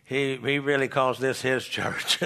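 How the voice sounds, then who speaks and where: A man's voice: medium pitch, steady tone, a little slow, gravelly, sharp tone, smooth. An older man preaching a folksy sermon in a church, stumbling into restarts and tossing out call-and-response asides to the congregation. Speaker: pastor.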